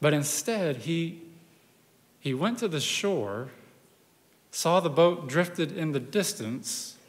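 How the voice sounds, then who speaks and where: A pastor preaching a sermon, telling the story in a conversational, animated way with personal asides. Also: male voice, fairly high pitch, takes it slowly, big-room sound.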